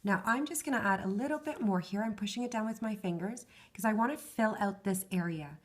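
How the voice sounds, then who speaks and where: A woman's voice: medium pitch, fairly quick. A woman giving a step-by-step craft tutorial, patiently explaining each hand movement and counting stitches aloud, her voice worn and fading. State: losing her voice.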